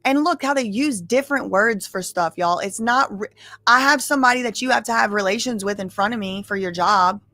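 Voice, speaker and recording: A woman's voice: fairly high pitch, a little fast, bright, forceful tone, dry recording. A woman casually commenting on a live trial, chatty and opinionated, often saying "like" and "y'all".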